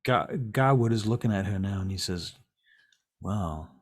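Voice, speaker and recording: A man's voice: lowish voice, fairly quick. Rambling male game master. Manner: loose, rambling with "um" and "like". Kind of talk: narrating a tabletop game.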